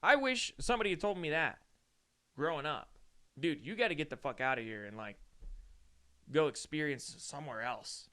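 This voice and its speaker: A man's voice: a little high, animated, moderate pace, pauses often, sharp tone. A young man from Austin, Texas, hosting a casual solo chat, rambling and swearing, saying "dude" often, sore and yawning. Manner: rambling and profane, peppered with "dude". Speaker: podcast host.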